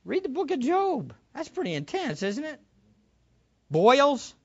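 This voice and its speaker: Preacher, slow and deliberate, swooping intonation, rhetorical; church hall, lo-fi. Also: sits high. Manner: animated, rhetorical questions. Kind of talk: sermon. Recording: dull lo-fi recording.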